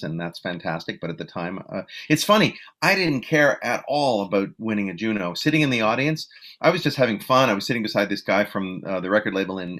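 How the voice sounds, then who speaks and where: A man's voice: on the low side, a bit bright. Rambling, self-deprecating male musician. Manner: rambling, self-deprecating, many fillers and restarts. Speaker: musician interview guest. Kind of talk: casual storytelling interview.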